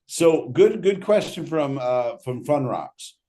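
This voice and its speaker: A man's voice: fairly high pitch, expressive, takes it slowly, dark tone. A man hosting a casual livestream Q&A, reading out audience questions and joking between them. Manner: loose, joking, reads questions aloud.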